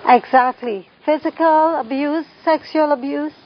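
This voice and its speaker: The audio is dull, and her voice sits high as she keeps a measured pace. She's running a parenting class, quizzing the room and going back over key phrases for emphasis.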